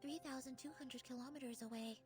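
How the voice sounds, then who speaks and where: A woman plays an earnest young assistant in a video game who delivers reports in a careful, briefing manner. Her voice is quite high, with faint music behind it. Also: steady tone, a little fast, lightly acted.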